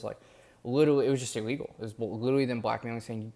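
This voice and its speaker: Low, gravelly-voiced man vlogging candidly. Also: steady tone, quick pace, darkish tone. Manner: rambling, candid, many fillers. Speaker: vlogger documenting his days. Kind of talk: casual daily vlog.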